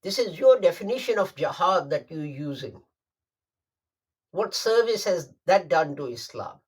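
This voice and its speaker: A man delivering a Friday sermon, emphatic and deliberate, repeating phrases for stress. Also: a little high, sing-song, husky. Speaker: preacher.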